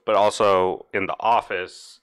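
A young man guessing words in a casual drinking game with friends, explaining at length and cracking deadpan jokes. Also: on the low side, a little slow, clean tone, no room sound.

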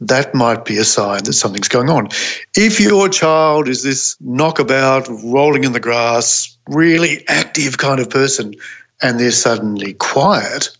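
A middle-aged man, a child psychiatrist, giving calm, reassuring explanations as an interview guest over a video call. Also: mid-range voice. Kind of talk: interview answers. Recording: dull video-call audio.

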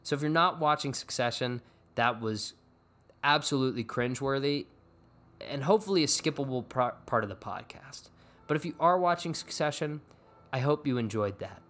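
A man's voice: medium pitch, moderate pace, fairly bright tone. A man hosting a casual sports podcast, rambling and self-deprecating with running jokes. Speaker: podcast host.

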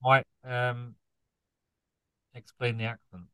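A man's voice: mid-range voice, little pitch movement, takes it slowly, bright, forceful tone, clean tone, rough recording. A man co-hosting a casual comedy chat, talking in a dry, joking way. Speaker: podcast co-host.

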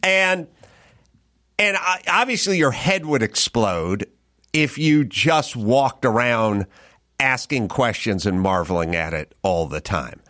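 A man in casual podcast chat, drawing out his phrases as he rambles through a story. The sound is close and dry, and his pitch sits in the middle range. He slips into quoted back-and-forth lines. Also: animated, slow pace, bright, forceful tone, no echo. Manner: acts out dialogue in quotes. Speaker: podcast host.

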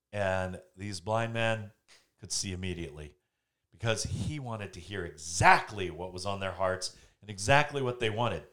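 A man hosting a casual faith talk from home, telling stories and acting out the quotes he tells. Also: fairly low pitch. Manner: animated storyteller, acts out quotes. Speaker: podcast host.

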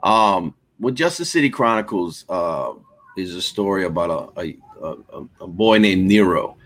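A man talking as a guest on a podcast, animated and laughing, often repeating words as he restarts. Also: low-pitched, unhurried. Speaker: guest, comic creator. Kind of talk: casual podcast chat.

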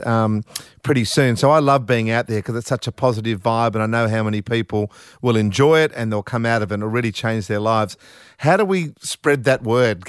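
An Australian radio host asking questions with enthusiasm, often stumbling and restarting mid-sentence. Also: male voice, on the low side, clear, resonant tone, dry recording, clean studio sound. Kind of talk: casual radio chat.

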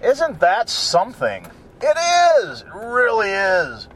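A man's voice: high voice, wildly swooping pitch, takes it slowly, a bit bright, a little hiss or hum. A man rambling and joking irreverently in a casual monologue from his car. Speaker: vlogger. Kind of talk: casual monologue while driving.

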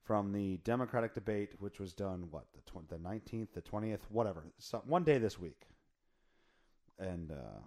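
A man hosting a podcast in a casual, joking chat. His voice is hoarse, and he rambles and corrects himself often. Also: fairly low pitch, lively intonation, normal speed, a little mellow. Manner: rambling, self-correcting, jokey. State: hoarse from singing in the car. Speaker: podcast host.

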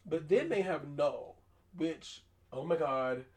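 A man hosting a casual podcast, ranting in an animated, opinionated way with plenty of slang. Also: fairly high pitch, slow, low-quality recording. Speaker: podcast host. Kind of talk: casual chat.

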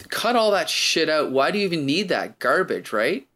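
Rambling man thinking out loud. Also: a little high, sing-song, normal speed. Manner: rambling, thinking aloud with many restarts. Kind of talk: casual chat.

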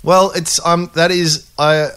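An Australian man co-hosting a podcast, explaining share market ideas in a relaxed, conversational way with frequent restarts. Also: fairly high pitch, slow, smooth. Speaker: podcast co-host, investing analyst. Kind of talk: casual finance podcast chat.

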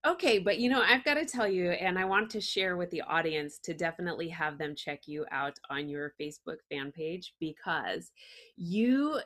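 A woman's voice: on the low side, lively intonation, normal speed, a bit bright. A woman hosting an interview show, who talks in an enthusiastic, effusive way. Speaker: podcast host.

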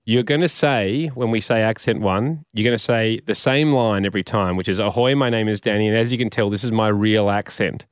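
A man's voice: on the low side, fairly quick, few pauses, smooth, no echo. A man co-hosting a comedy show, patiently explaining a game and laughing easily. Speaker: radio comedy co-host. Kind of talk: casual comedic banter.

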